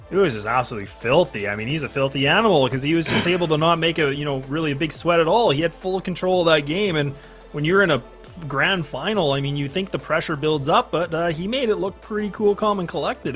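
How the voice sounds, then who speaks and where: A Canadian man co-commentating an esports tournament in a casual, quick way. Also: fairly high pitch, lively intonation, fairly bright tone, soft background music. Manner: quick, casual, uses "uh" and "honestly".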